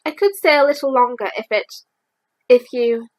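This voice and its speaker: A woman voicing a gentle, simple male bear in a storybook read-aloud, earnest and plaintive. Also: fairly high pitch, normal speed, natural voice. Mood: polite. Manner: plaintive, earnest, wailing when stuck.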